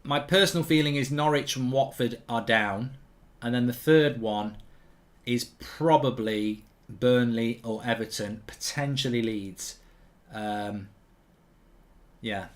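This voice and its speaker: A man hosting a live football watchalong, reading viewer comments aloud and answering them with quick, opinionated asides. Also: medium pitch, expressive, a bit bright. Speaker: host.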